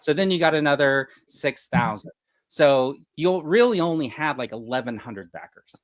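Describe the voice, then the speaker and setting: A man's voice: on the high side, expressive, normal speed, dry recording, clean studio sound. Rambling man working through the math. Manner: rambling, works through numbers aloud, laughs often. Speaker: podcast co-host. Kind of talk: casual panel chat.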